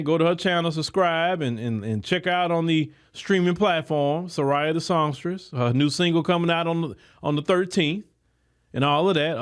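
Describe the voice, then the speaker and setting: A man's voice: high voice, clear, resonant tone. A man hosting a podcast, giving a political commentary monologue in an emphatic, preachy way, talking straight to his listeners with loose, repetitive phrasing. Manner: colloquial, many repeated words. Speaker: podcast host.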